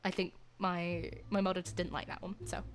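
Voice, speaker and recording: A woman's voice: on the low side, little pitch movement, fairly quick. A young woman streamer reading a romance game aloud, gushing and exclaiming between the narration. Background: faint game music.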